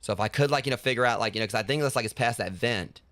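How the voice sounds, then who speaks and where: A man's voice: mid-range voice, rapid-fire, a bit bright, dry recording. A man streaming a horror game and chatting loosely to his viewers, rambling with lots of fillers. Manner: rambling, heavy with fillers like "like" and "you know". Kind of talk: casual gaming livestream talk.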